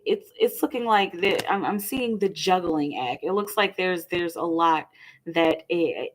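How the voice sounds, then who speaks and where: Chatty young woman with a gravelly voice. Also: lowish voice, background noise. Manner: chatty, rambling, lots of "like"; murmurs softly while shuffling. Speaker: tarot reader. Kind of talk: live-stream tarot reading.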